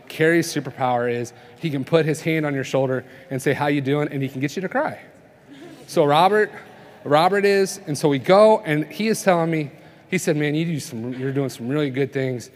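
Guy preaching at a conference, chatty, keeps asking "right?", echo hangs in the big hall. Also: a little high. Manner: conversational preaching, tells stories, asks the crowd "right?". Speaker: speaker at a family conference. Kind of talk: sermon. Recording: long reverb of a conference hall.

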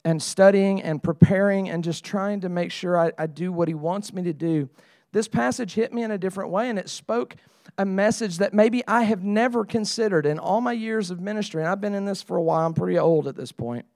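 Middle-aged male pastor, high voice, dry close sound, talky sermon delivery that builds to pleading. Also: brisk, darkish tone, no echo. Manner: conversational preaching, rising to emphatic pleading.

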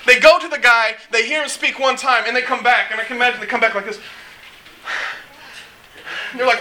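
High-voiced, bright, animated male preacher. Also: brisk, long pauses, poor audio. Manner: animated, joking, acts out quotes. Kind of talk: casual sermon.

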